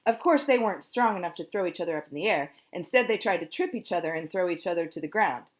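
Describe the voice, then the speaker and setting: Animated woman reading a children's book. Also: fairly low pitch, quick pace. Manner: animated, sings out sound effects. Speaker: storyteller.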